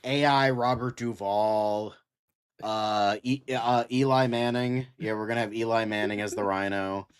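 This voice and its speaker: Deadpan low-voiced man, swearing sarcastically. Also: unhurried, clean tone, no room sound, studio quality. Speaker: podcast co-host. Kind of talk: casual chat.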